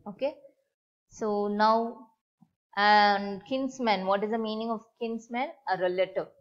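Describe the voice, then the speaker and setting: Slow woman teacher, lo-fi. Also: mid-range voice. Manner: slow, repetitive explanation with checking questions. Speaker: school teacher. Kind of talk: explaining a story text to a class. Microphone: online class recording. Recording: dull lo-fi online class audio.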